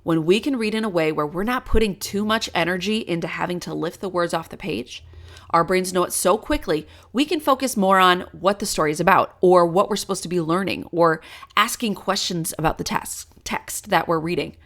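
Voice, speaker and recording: A woman's voice: fairly low pitch, fairly quick, a bit bright. A woman who taught in schools, enthusiastically explaining reading skills to parents with everyday examples. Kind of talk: teaching talk to parents.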